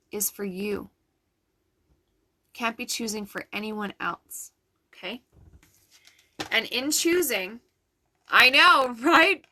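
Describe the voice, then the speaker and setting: A woman doing intuitive readings for viewers on a live stream, in an affirming, chatty way with soft laughs. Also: fairly high pitch. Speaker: intuitive reader.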